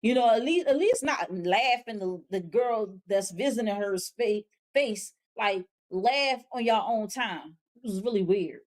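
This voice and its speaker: Woman host doing a laid-back show review, slow unhurried talk, slangy and blunt. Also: medium pitch, expressive. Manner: chatty, slangy recapping with frank, exasperated asides. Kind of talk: casual spoken TV show review.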